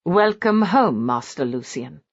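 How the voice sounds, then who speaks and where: Woman playing a sour old housekeeper, stiff, low, unwelcoming, lo-fi audiobook sound. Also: animated, unhurried, no echo, exaggerated voice. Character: sour, disapproving older housekeeper. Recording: dull lo-fi audiobook recording.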